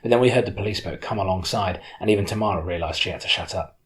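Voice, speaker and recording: A man narrating an audiobook in the first person with steady storytelling. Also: low voice, fast.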